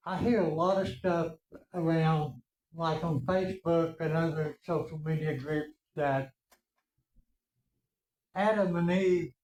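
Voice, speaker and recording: Casting: male participant, halting questioner, slow delivery, roomy classroom sound. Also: fairly high pitch, a little mellow. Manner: halting, with repeated restarts. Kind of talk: question from the audience. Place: church classroom. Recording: echoey room.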